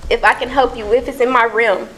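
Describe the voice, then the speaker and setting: A woman's voice: a little high, steady tone, a little fast, sharp tone, soft background music, low-quality recording. A woman from Cincinnati giving an emotional, nervous public comment at a council meeting, earnest and pleading. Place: council chamber.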